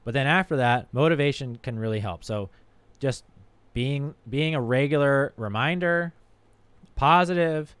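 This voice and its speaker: A man's voice: medium pitch, unhurried, fairly bright tone, clean tone, no echo. A man who is a doctor, talking frankly and casually on a livestream, with a bit of swearing. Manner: frank, profane, conversational. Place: home streaming setup.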